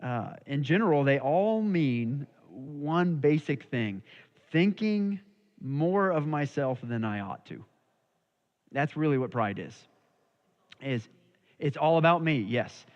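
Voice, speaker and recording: A man's voice: a little high, animated, slow pace. A man teaching a casual church Bible study, talking conversationally and checking in with his listeners. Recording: dull lo-fi recording.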